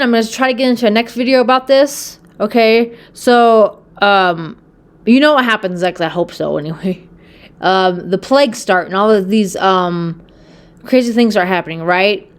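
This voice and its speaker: A woman's voice: mid-range voice, moderate pace, clean tone. A woman casually retelling a Bible story on her channel. She rambles, with lots of fillers and a tag question of "okay?". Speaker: Bible video host.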